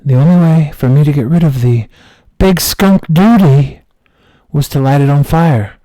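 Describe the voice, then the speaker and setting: A man streaming who tells a comic story with mock-dramatic, slow deadpan delivery. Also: fairly high pitch, no room sound.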